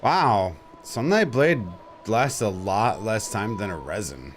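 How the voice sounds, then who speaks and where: A man streaming a game speedrun, commenting live, swearing and exasperated, often yelling at enemies. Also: on the low side, animated, takes it slowly, slight background noise.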